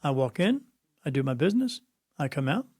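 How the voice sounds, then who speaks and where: A middle-aged spirit medium tells stories in an interview, blunt and preachy, acting out the voices of the people he quotes. His voice is on the high side with big pitch swings, fairly quick, a little mellow and slightly rough. The recording has no echo.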